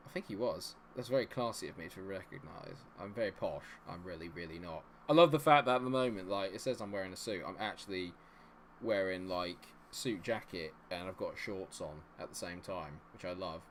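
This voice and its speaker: A young man provides live stream commentary while playing a football management game, chatting with viewers and swinging from cheering goals to fretting over results. His voice is fairly low and brisk, with a little hiss or hum on the recording.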